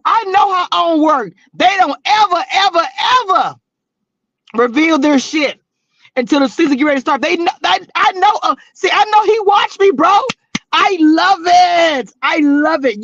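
In dull, lo-fi, dry audio, a woman with a high, animated, fairly bright voice hosts her live stream as a reality TV blogger at normal speed. She reads comments and chats casually with viewers, teasing and sassy, using slang and laughing often.

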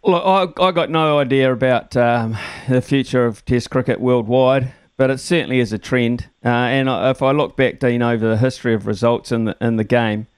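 Smooth, dry-voiced New radio host. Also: male voice, medium pitch, normal speed, hardly any pauses, no room sound. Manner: relaxed, chatty, thanks callers by name. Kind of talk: sports talkback radio. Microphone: studio microphone.

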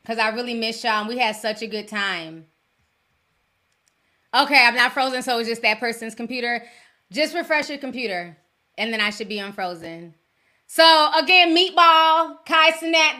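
A middle-aged woman chats casually on her livestream, slangy and quick to laugh. Her voice sits high and rings bright. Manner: chatty, laughs often, slangy. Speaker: livestream host. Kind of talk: casual livestream chat with viewers. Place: home in Minnesota.

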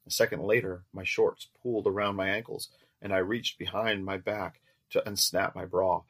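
A man reading a first-person story aloud as narrator in a steady, measured way. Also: on the low side.

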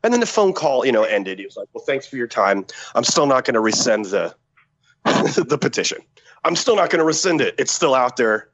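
A man, a former Special Forces soldier, telling a story as a podcast guest in a profane, animated way, acting out the dialogue. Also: mid-range voice, brisk, muffled recording. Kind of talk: casual war-story telling.

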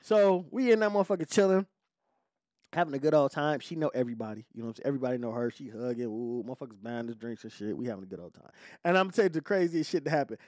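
A man, hosting a podcast, telling a story in a casual, animated, profane way full of slang. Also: mid-range voice, very fast, no room sound, clean studio sound. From Detroit. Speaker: podcast host.

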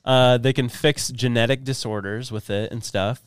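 A man co-hosting a podcast, eagerly explaining a topic in casual chat with quick asides. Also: medium pitch, fairly even intonation, clean tone, no room sound, clean studio sound. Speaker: podcast co-host.

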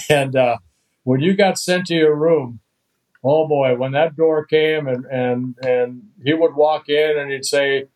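A man's voice: on the high side, slow pace, poor audio. Older man spinning chatty stories. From Netherlands. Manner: chatty, lively anecdotes with chuckles. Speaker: guest, retired pitcher. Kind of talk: storytelling in a podcast interview.

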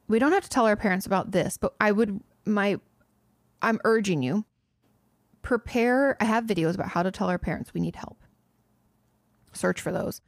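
A woman therapist hosts a podcast, answering listener questions earnestly and directly as she speaks straight to the listener. Her voice is medium-pitched and studio quality with no room sound, and she often restarts and corrects herself.

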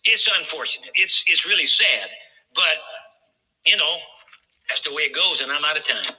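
A man's voice: a little high, expressive, moderate pace, sharp tone, low-quality recording. A male pastor preaching a sermon, emphatic and folksy, repeating phrases for emphasis.

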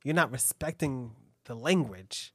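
A man's voice: mid-range voice, animated, measured pace, slightly rough, dry recording. A man hosting a casual chat who rambles, swears a lot and laughs easily.

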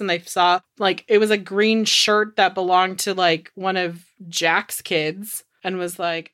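A woman co-hosting a true-crime podcast in casual chat, animated and incredulous as she retells events. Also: on the low side, a little slow, few pauses. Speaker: podcast co-host.

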